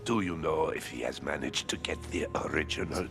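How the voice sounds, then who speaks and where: A man's voice: rumbling low, a little fast, gravelly, over music. An actor voicing a grave, formal man in a game who accuses a companion of endangering them both.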